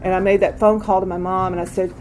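Older woman, candid recovery testimony, halting with restarts, average pitch. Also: level tone, darkish tone, slight background noise, poor audio. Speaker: speaker sharing a recovery story. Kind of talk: personal testimony.

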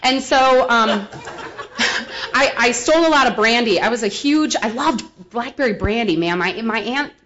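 A woman's voice: on the high side, animated, measured pace, a bit bright, a little hiss or hum. A woman from the American Midwest giving a frank, humorous personal testimony at a recovery meeting, rambling with many fillers. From Milwaukee, US Midwest. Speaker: speaker sharing at a recovery meeting. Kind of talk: personal testimony, casual storytelling. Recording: dull lo-fi recording.

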